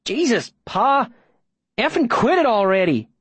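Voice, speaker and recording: A man's voice: very high voice, sing-song, drawn-out words, slightly rough, no room sound, voice pushed up, full character voice. A man voicing a panicked teenage boy who is breaking under pressure, his outbursts strained and cracking. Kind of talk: audiobook character voice.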